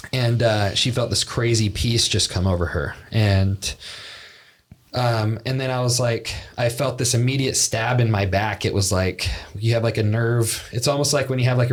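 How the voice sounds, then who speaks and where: A young man co-hosting a podcast, telling a story in a loose, rambling way with lots of fillers. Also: mid-range voice. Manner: rambling, filler-heavy, laughs at own story. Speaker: podcast co-host. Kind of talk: casual storytelling chat.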